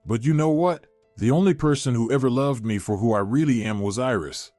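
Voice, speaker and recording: A man's voice: mid-range voice, fairly quick, warm tone, no echo, faint music behind, natural voice. A man voicing a weak-willed husband in his thirties, speaking in a broken, pleading way.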